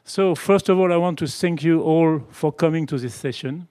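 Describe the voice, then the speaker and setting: A man from France speaking English with a French accent, earnest and halting as a panelist in a conference room. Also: a little high, a little mellow. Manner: halting, restarts phrases, earnest.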